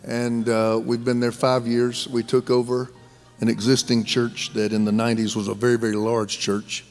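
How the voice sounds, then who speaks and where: A man in his fifties with a Southern American accent, a guest pastor preaching a sermon in a folksy, joking way that rises to shouted fervor. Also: mid-range voice, flat delivery, moderate pace, soft background music. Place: large church sanctuary.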